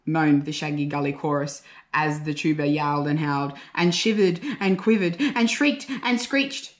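A woman teacher reading a picture book aloud to young children, slow and expressive with a sing-song lilt. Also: low-pitched. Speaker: primary school teacher. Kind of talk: children's storybook read-aloud. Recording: roomy echo.

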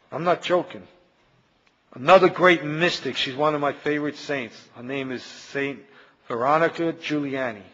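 A male priest preaching a mission sermon with dramatic delivery, going louder and slower when he voices the cries of the damned. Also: on the high side, slightly rough, in a large hall, highs cut off. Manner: dramatic, rises loud and slow when voicing the damned.

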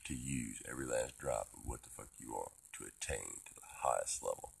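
A man delivering a profane, rambling philosophical monologue, swinging between loud outbursts and hushed whispers. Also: extremely low pitch, animated, fairly quick, creaky, husky. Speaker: vlogger.

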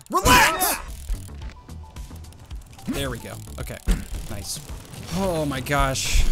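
A man giving casual, excitable running commentary while playing a game, often yelping and exclaiming. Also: medium pitch. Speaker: gaming YouTuber.

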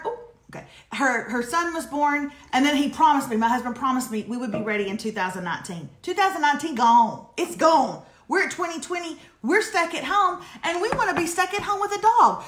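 A woman co-hosts a casual live advice chat, sassy and emphatic as she dishes out advice. Her voice sits a little high, and the room around her is echoey. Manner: sassy, emphatic, animated storytelling. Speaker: co-host giving advice.

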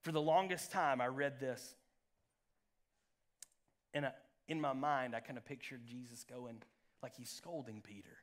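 A man preaching a live church sermon as pastor, swinging from loud peaks to hushed lows. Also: lively intonation, normal speed, long pauses. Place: church sanctuary.

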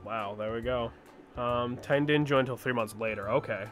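A man's voice: mid-range voice, fairly quick, a bit bright, soft background music. Casual, profane man on a game stream. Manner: rambling, profane, self-deprecating. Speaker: co-host of a gaming stream. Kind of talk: casual let's-play chat.

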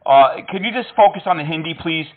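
A man's voice: fairly high pitch, expressive, fairly quick. A man making prank phone calls, talking in a mocking, teasing, playful way. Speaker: prank caller. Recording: tinny phone line.

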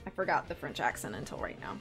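A young woman chatting casually on a live stream while playing a game, bubbly and excitable. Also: deep voice, fast. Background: faint game music.

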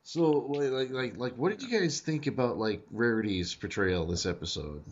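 A man talks through a casual review chat with friends, tripping over his words in excited restarts. His voice sits at an ordinary pitch. The audio is dull and lo-fi. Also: background noise. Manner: animated, stammering restarts, quick asides. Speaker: podcast host.

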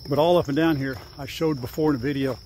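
A man's voice: on the high side, fairly even intonation, quick pace, mellow, slight background noise. An older man chatting casually through a farm vlog outdoors, rambling and fondly coaxing his animals. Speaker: farm vlogger. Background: faint insects and crickets.

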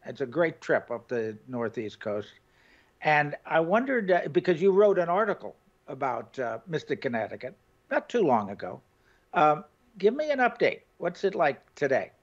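A man's voice: fairly high pitch, big pitch swings, normal speed, highs cut off. A male host from the New York area, chatting with his guest in a friendly way with hesitant fillers over a video call. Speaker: show host. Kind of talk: casual interview chat.

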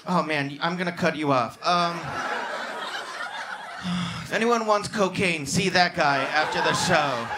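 A male stand-up comedian doing crowd work on a club stage, bantering with the audience and breaking into loud, excited outbursts. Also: on the high side, unhurried, long pauses, noisy background. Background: audience laughter and club ambience.

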